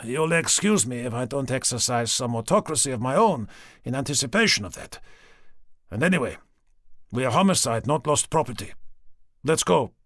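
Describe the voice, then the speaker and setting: A male narrator voicing a weary, cynical middle-aged police inspector with a gruff, dry delivery. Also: mid-range voice, animated, moderate pace, a bit bright, no room sound. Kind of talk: audiobook character voice.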